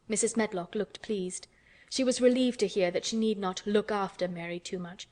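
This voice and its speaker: A woman narrating a classic novel in an audiobook, her voice even and middle-pitched. She reads at a calm, measured pace. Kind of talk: scripted narration.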